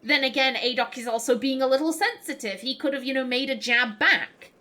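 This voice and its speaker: A woman's voice: high-pitched, a little fast, bright, forceful tone. A young adult woman hosting a let's play, chatting casually, thinking aloud and reading the game text. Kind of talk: casual gameplay commentary.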